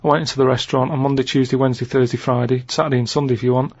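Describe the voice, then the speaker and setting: A regular guest who reads the diary and quiz, this man with a Manchester accent chats casually on a comedy podcast, rambling, repeating himself and restarting sentences haltingly. His medium-pitched voice shows little pitch movement. The studio recording is dry and muffled, with no room sound.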